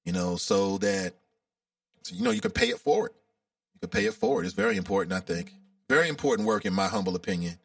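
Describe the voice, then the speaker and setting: A man's voice: low-pitched, sing-song, fast, vocal fry, dry recording, clean studio sound, distant mic. A man from Cincinnati hosting a casual call-in radio talk show, chatty and openly emotional. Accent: Cincinnati, Ohio.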